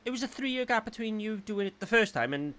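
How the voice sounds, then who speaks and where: A man hosting a casual chat, asking questions in an animated, stumbling way. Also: high voice, brisk, a little hiss or hum. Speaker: podcast host.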